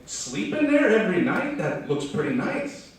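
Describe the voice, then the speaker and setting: A man doing a naive little chicken who loves comfort, jumping up high and squeaky whenever something sounds amazing. The voice swings all over. It rings through a big echoey hall, picked up from well back. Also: sing-song, normal speed, recorded from a distance. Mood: awestruck.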